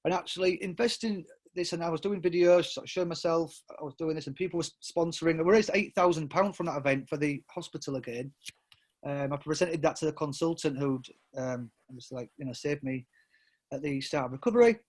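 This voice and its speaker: On a podcast, a middle-aged English guest tells casual, rambling stories, interrupting himself with restarts and fillers and laughing often. His voice is a little high and darkish in tone, and he speaks a little fast.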